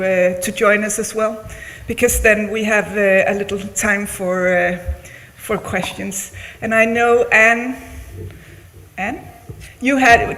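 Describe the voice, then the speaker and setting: A man's voice: high voice, pushed and bright. A man moderating a panel discussion, politely calling on speakers and questions with frequent fillers. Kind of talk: chairing a panel Q&A. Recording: reverberant hall with faint room noise.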